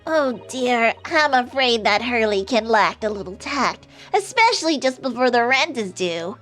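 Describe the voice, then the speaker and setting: Brief: woman voicing a sweet, fretful girl sidekick, high and bright. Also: sing-song, moderate pace, faint music behind. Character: chirpy earnest young girl assistant.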